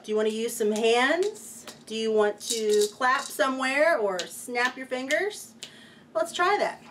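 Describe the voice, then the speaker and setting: A woman's voice: fairly high pitch, animated, moderate pace, a bit bright, a little hiss or hum. A woman teaching a children's music lesson, playful and cheerful, chanting rhymes for young listeners.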